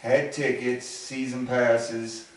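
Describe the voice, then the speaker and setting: A man's voice: medium pitch, little pitch movement, slow. A man from Ohio telling a rambling anecdote in a casual chat, acting out what other people said. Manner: rambling anecdotes with acted-out quotes. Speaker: show regular answering questions. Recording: very echoey, from far off the mic.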